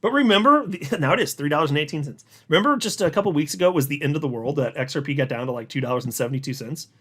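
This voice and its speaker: A man with a fairly high, lively voice hosts a casual market commentary show. He reads out analysts' posts and reacts to them, pushing his pitch up sharply for emphasis and addressing viewers directly. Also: rapid-fire, breathy edge. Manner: animated, talks straight to viewers, swings pitch up for emphasis. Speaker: crypto market commentator, channel host.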